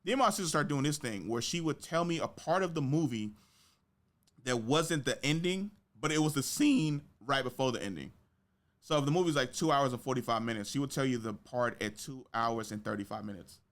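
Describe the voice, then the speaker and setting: A young man hosting a podcast, telling stories in casual chat with slang and profanity. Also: brisk. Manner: animated storytelling with big pitch jumps in quoted reactions. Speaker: podcast host.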